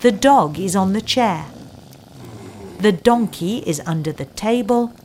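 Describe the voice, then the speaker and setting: A woman narrating a children's story in slow, clear, simple phrasing. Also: medium pitch, expressive, darkish tone, a little hiss or hum. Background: music.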